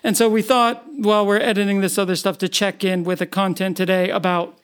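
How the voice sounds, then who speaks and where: Smooth-voiced podcast co-host. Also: mid-range voice, level tone, a little fast. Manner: conversational, adds asides and corrections. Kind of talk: casual chat.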